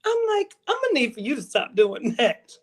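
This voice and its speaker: A woman's voice: a little high, wildly swooping pitch, fairly quick, breathy edge. A woman co-hosting a podcast in casual chat, teasing her partner and retelling moments with drama. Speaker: podcast co-host.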